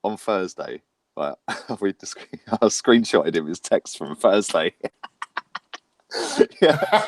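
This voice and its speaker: A man telling a lively story in casual football chat, laughing often. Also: fairly low pitch, slow, dry recording. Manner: animated storytelling with laughs and slang. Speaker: football podcast host.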